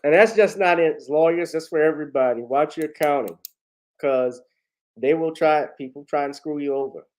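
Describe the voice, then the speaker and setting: A man's voice: a little high, normal speed, darkish tone, slight background noise, rough recording. A man vlogging casual commentary, talking in a rambling way to his viewers as family.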